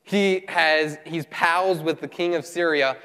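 Male preacher, fairly high voice, lively sermon delivery, long hall echo. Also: takes it slowly, clear, resonant tone. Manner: animated, voices the characters while retelling. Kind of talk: sermon with scripture reading.

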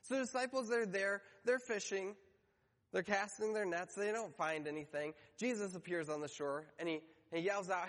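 Male pastor, high-pitched, storytelling sermon with a long reverb tail. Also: moderate pace, fairly bright tone. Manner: storytelling, acts out quoted voices briefly.

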